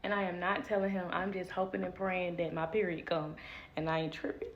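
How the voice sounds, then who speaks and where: A woman's voice: fairly low pitch, fairly even intonation, a little fast, lo-fi sound, very noisy. A young woman telling a personal story in a casual, candid way, swearing and laughing easily.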